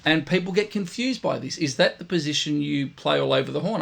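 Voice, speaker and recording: A man's voice: on the high side, brisk, gravelly, fairly bright tone. A man teaching trumpet in a casual video lesson, repeating his points and voicing buzzing sounds to demonstrate. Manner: repetitive, demonstrative, vocalizing sounds.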